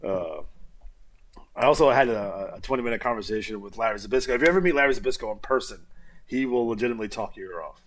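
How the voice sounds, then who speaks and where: A man's voice: medium pitch, rapid-fire, a little hiss or hum. A man co-hosting a casual talk show, rambling, stammering and repeating his words. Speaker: podcast co-host. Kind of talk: casual chat about wrestling.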